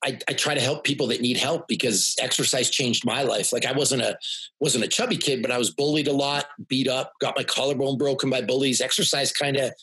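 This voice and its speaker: A man's voice: mid-range voice, fairly quick, slightly rough. A man hosting a podcast, a fitness coach talking earnestly and chiming in during a casual chat. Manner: earnest, animated, interjecting.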